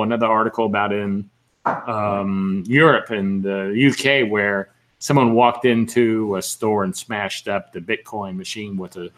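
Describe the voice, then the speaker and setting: A man's voice: on the low side, fairly bright tone. A man chatting casually as a podcast co-host, telling stories with lots of fillers and restarts. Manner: rambling storyteller, lots of fillers. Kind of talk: casual chat.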